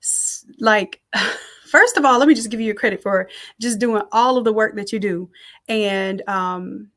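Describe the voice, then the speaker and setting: A middle-aged woman teaching a design class on a live stream, reading out the chat and warmly thanking people by name. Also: mid-range voice, a little slow. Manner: warm, effusive thanks and shout-outs.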